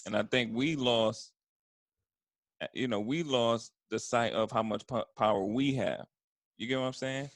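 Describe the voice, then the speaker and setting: A man's voice: medium pitch, unhurried, no room sound. A man, co-hosting a casual podcast in a laid-back way with brief interjections. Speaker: podcast co-host.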